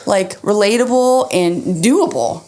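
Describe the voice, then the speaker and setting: A woman's voice: mid-range voice, lively intonation, takes it slowly, a little mellow. A woman in her thirties co-hosting a podcast, talking candidly in a rambling, chatty way. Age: 30s. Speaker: podcast co-host. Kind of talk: casual chat.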